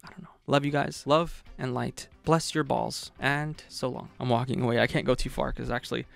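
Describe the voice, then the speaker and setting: A man's voice: mid-range voice, steady tone, fairly quick, vocal fry, faint music behind. A tired man in his thirties rambling through a jokey, self-deprecating monologue to camera on a wired microphone. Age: 30s. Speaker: vlogger. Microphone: wired XLR microphone.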